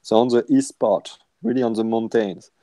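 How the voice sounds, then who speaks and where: A man from France with a strong French accent, speaking English as a second language as a guest, halting and searching for words. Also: mid-range voice, fairly even intonation, dark tone, no echo, poor audio. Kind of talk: casual interview.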